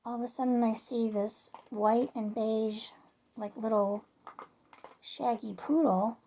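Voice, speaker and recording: A woman's voice: a little high, a little mellow. A woman casually telling a story to her viewers in a chatty, rambling way, full of fillers and restarts. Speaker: vlogger.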